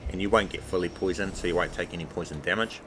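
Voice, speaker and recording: A man with a fairly low voice talks the listener through a game route in an easygoing, chatty commentary. He keeps it relaxed and conversational, recorded as a voice-over over the gameplay, with a faint hiss underneath. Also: quick pace. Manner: relaxed, chatty, repeats filler words like "obviously". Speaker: game walkthrough narrator.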